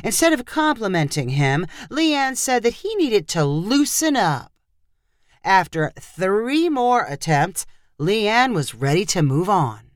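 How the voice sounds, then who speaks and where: A woman reads a story aloud with a lively, expressive voice that moves up and down freely. The sound is dry and close, with no room echo. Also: medium pitch, takes it slowly. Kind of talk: scripted story narration.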